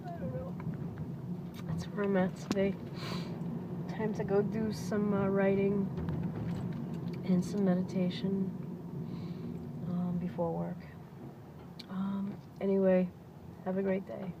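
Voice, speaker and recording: A woman's voice: medium pitch, flat delivery, takes it slowly, long pauses. A woman talking in a personal video diary, speaking in a heartfelt way as she fights back tears. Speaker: vlogger. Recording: dull lo-fi audio with loud vehicle noise.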